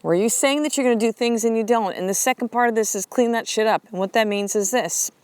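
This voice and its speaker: A woman's voice: a little high, fast talker, a little mellow, smooth, no echo. A woman hosting a motivational podcast, talking bluntly and emphatically and swearing freely. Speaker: podcast host.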